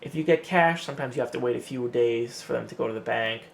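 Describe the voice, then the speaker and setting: A man casually talking to the camera in a vlog, lively and chatty, often acting out what other people say. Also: medium pitch, fast, vocal fry, a little hiss or hum. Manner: chatty, acts out quotes in an animated way. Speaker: vlogger.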